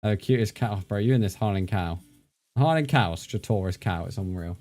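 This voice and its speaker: A man's voice: on the low side, fast, a little mellow. A man, a streamer chatting casually and rambling while he plays, thanking viewers by name. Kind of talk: casual live-stream chat while gaming.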